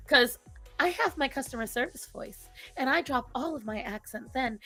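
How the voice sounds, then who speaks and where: A woman's voice: sits high, brisk, pushed and bright, no echo, soft background music. A woman with a thick Rhode Island accent, telling stories in casual chat, laughing often and swearing freely. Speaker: podcast co-host.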